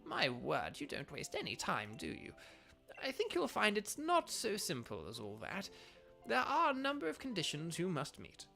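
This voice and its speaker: A man's voice: sits high, wildly swooping pitch, moderate pace, vocal fry, pushed and bright, faint music behind, voice pushed up, full character voice. A man doing a stately old lady professor. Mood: amused. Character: elderly woman professor, gracious and stately.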